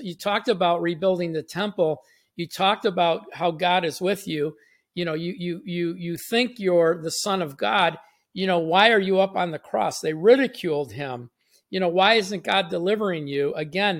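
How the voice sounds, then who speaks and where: A man hosting a short devotional, reading scripture aloud and explaining it in an earnest, conversational way with frequent restarts. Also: high voice. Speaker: podcast host and Bible teacher.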